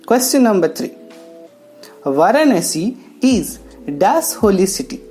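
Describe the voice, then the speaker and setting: A woman teaching English grammar, talking slowly and explaining each step with pauses. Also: mid-range voice, very animated, warm tone. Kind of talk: classroom lesson narration. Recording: faint background music.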